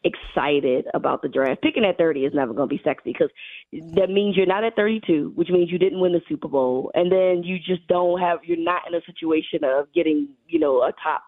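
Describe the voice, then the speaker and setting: A hoarse woman with allergies, talking football as a radio guest in a loose, chatty way. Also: fairly low pitch, fairly quick, no echo. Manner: relaxed, conversational, many fillers. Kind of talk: casual radio chat. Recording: tinny phone line.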